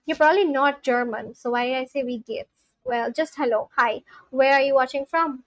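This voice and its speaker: A woman's voice: sits high, brisk, dry recording, highs cut off. A woman live-streaming in casual chat, reading viewer comments aloud and asking them questions. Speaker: live-streamer learning a language.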